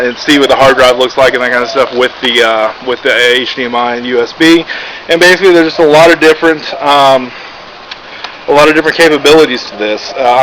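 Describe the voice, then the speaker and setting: A man from Texas giving a casual, rambling product review, full of "uh" and "basically", with lots of restarts. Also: medium pitch. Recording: background noise.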